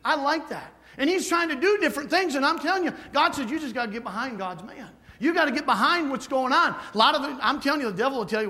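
A man's voice: very high voice, animated, fast, few pauses, sharp tone. A man preaching a folksy, emphatic sermon full of asides to the congregation. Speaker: guest preacher.

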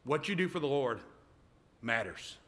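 A man's voice: medium pitch, sing-song, normal speed, a bit bright. A middle-aged man preaching a sermon, often stopping to ask "amen?" of the congregation. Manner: emphatic call-and-response, repeated "amen?".

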